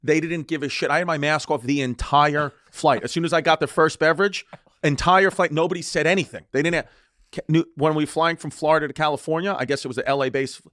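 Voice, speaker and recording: A man's voice: a little high, a bit bright, no echo, studio quality. A man co-hosting a podcast, telling a story casually with many restarts and bursts of laughter. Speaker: podcast co-host.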